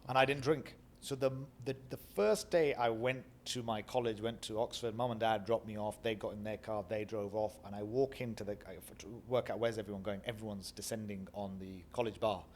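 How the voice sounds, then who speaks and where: A middle-aged Northern English man from Bradford tells life stories in an interview. His voice sits low, and he acts out the people he quotes. Faint background noise runs under the recording. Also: steady tone, brisk, hardly any pauses. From Bradford, England. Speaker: guest. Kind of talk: reflective storytelling interview.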